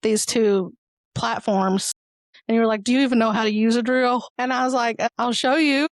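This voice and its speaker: A woman's voice: a little high, fairly even intonation, normal speed, no room sound, clean studio sound. A young woman co-hosting a podcast in casual chat, laughing and correcting her partner's stories. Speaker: podcast co-host.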